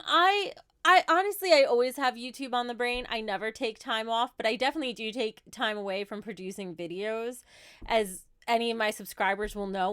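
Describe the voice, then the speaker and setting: A woman's voice: a little high, fairly bright tone, clear, resonant tone, dry recording, clean studio sound. A woman in her thirties with a New Jersey accent, chatting casually on a livestream as she answers viewer questions with light laughs. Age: 30s.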